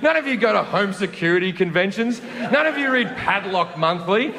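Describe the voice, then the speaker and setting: Played back in a reaction video, this stand-up set comes from a big theater stage, where the sound echoes and there's a lot of noise. The Australian performer speaks at normal speed in a high, expressive voice, landing sardonic, profane lines with punch.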